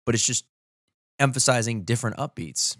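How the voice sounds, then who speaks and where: A man explaining how he is composing and arranging a song during a livestream. He thinks aloud with enthusiasm and sings rhythms and melody lines out loud to show his ideas. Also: mid-range voice, lively intonation, brisk, very noisy. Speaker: musician streaming his composing session. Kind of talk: casual explanatory livestream talk.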